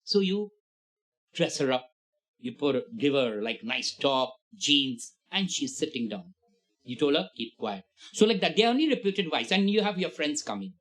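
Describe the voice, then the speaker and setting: Animated tutor, man. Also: fairly high pitch, moderate pace, poor audio. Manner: animated, acts out lines in shifting voices. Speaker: literature tutor. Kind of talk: explaining a play to students.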